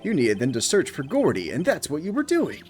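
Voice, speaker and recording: Man playing an earnest young defense attorney, pressing, lively pitch. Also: fairly quick, soft background music. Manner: pressing, argumentative.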